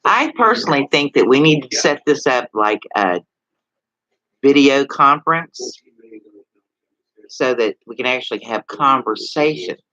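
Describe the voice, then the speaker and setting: A man's voice: mid-range voice, lively intonation, measured pace, long pauses, bright, forceful tone, dry recording, lo-fi sound. A man with a Texas accent chatting casually to viewers on a livestream, rambling and asking them questions. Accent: Texan. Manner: rambling, talks straight to viewers with many questions. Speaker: livestream host.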